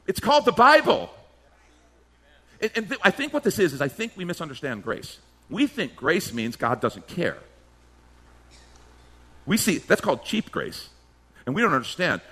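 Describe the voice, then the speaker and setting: A man's voice: sits high, very animated, normal speed, long pauses, pushed and bright. A male pastor preaching a sermon emphatically, firing off rhetorical questions and slipping into mimicked voices.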